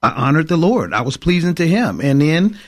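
Chatty man, slightly high voice. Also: very animated. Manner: chatty and upbeat, reads verses slowly and adds comments. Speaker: co-host of a Christian radio talk show. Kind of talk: casual chat and reading scripture.

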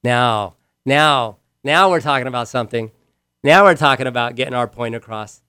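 A man's voice: mid-range voice, normal speed, dry recording. Emphatic male preacher, dry sound. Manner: emphatic, repeats key words, swings between loud and hushed; asks the listeners direct questions. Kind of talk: sermon.

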